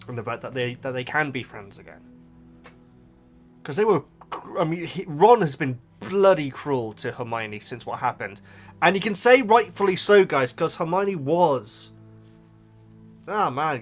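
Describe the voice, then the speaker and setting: A man hosting a casual book reaction, animated and emotional, with frequent restarts. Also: medium pitch, normal speed, soft background music.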